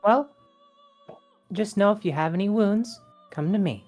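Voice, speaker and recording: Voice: mid-range voice, a little slow, a little mellow, faint music behind. A player in a tabletop role-playing game, talking casually with fillers and describing their character's actions.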